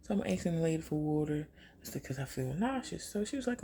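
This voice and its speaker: Low gravelly-voiced young woman vlogger. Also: fast talker, slight background noise. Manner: chatty, animated retelling with quoted asides. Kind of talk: casual storytime while doing makeup.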